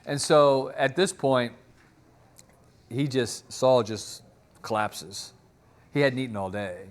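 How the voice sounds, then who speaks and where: A man's voice: mid-range voice, takes it slowly. A man preaching a sermon, retelling a story in a conversational way. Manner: conversational storytelling, acts out quotes.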